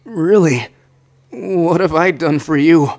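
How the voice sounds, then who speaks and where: A man voicing a shy, anxious young man in a whispered role-play, speaking softly and hesitantly. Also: fairly high pitch, lively intonation, slow. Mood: tender, insecure. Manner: soft, hesitant, flustered stammering. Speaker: ASMR roleplayer.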